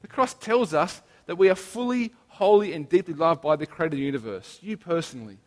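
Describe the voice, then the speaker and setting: A man preaching a sermon in an earnest, emphatic way, slowing down to stress key phrases. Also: fairly high pitch, expressive, big-room sound.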